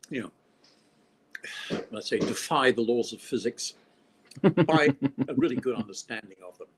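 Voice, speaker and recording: A man's voice: mid-range voice, a little slow, long pauses, husky, low-quality recording. An older man from Australia, a film director being interviewed, talking in a rambling way with dry, wry humor. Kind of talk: casual interview conversation.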